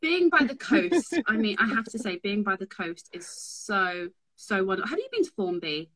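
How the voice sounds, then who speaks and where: A woman's voice: mid-range voice, very animated, moderate pace, fairly bright tone, low-quality recording. A young woman, chatting as a guest on a livestream, rambling with many restarts and frequent laughs. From London. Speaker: guest, fabric business owner. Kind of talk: casual chat on a livestream.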